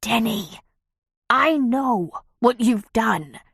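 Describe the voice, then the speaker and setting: A woman reading an audiobook, voicing a weakened woman with a scratchy voice who speaks with quiet menace. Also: a little high, expressive, drawn-out words, creaky, slightly rough, no room sound, clean studio sound, pitched above the performer's own voice, full character voice. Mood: weak menacing. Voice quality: weak, scratchy. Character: weakened, threatening adult woman.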